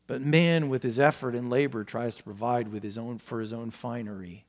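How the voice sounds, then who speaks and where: A man preaching a sermon to his congregation in an earnest manner, his emphasis rising and falling, pausing now and then to correct himself. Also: medium pitch, steady tone, darkish tone. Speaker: pastor.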